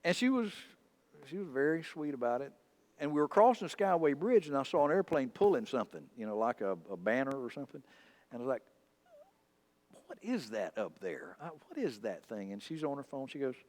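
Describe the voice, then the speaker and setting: A man preaching to his congregation in a church. He tells homespun stories with humor and an easy, conversational manner. His pitch is middle of the road but moves very expressively. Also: fairly quick. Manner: folksy storytelling with humor, animated and conversational. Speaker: pastor. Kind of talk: sermon. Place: church sanctuary.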